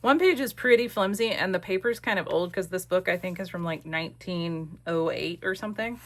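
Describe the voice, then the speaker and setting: A crafting vlogger chats casually at home, recorded on a desk camera, rambling with plenty of fillers. Her voice is on the low side yet fairly bright, and she talks briskly.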